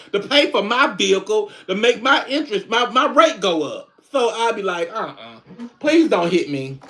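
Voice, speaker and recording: A high-pitched man hosts a relaxed livestream from home, talking straight to his viewers. His chat is loose and laughing, recorded on a phone or webcam. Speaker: livestream host.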